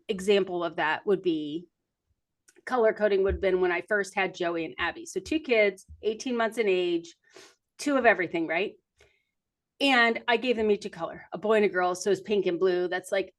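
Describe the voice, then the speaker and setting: A woman in her fifties hosting a casual podcast chat, telling stories in a chatty, self-deprecating, animated way. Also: medium pitch. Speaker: podcast host.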